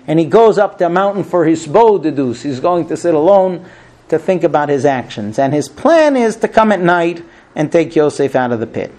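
A middle-aged man giving an informal Torah class, telling the story with lively acted-out dialogue. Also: normal speed. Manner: animated storyteller, acts out quoted speech with high pleading voice. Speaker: rabbi teaching the weekly Torah portion.

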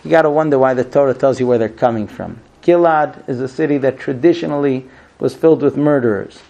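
A middle-aged man giving an informal Torah class, telling the story with lively acted-out dialogue. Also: fairly quick, vocal fry, highs cut off. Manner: animated storyteller, acts out quoted speech with high pleading voice. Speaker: rabbi teaching the weekly Torah portion.

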